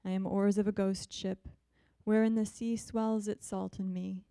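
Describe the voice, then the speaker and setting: A woman poet reads her work in a measured, deliberate way, her voice mellow and smooth. The sound is close and dry. Between poems she turns soft and hesitant. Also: medium pitch, flat delivery, dry recording. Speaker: visiting poet. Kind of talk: poetry reading.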